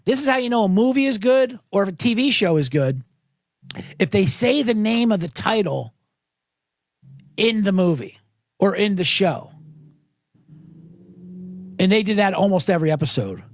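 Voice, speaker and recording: A man's voice: sits high, expressive, moderate pace, pauses often. A man hosting a casual sports betting podcast, rambling and profane, often cutting himself off mid-sentence. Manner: rambling, profane, self-interrupting. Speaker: podcast host. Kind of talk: casual livestream chat.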